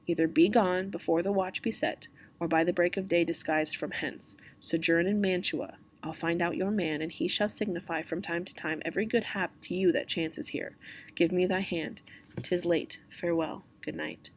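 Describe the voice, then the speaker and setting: A woman's voice: fairly low pitch, steady tone, moderate pace, a little hiss or hum, natural voice. A woman reading aloud as a stern male friar who lectures a young man. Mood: urging. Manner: lecturing, reproachful.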